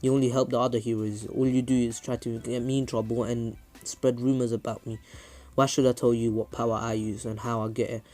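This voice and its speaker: A man's voice: medium pitch, flat delivery, a little fast, mellow, lightly acted. Naruto, a man doing a cold defiant young ninja. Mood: scornful.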